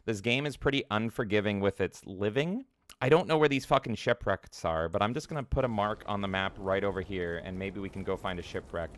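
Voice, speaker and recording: A man with a fairly low, brisk voice streams a video game in a dry recording. His commentary rambles casually, full of jokes and frequent swearing.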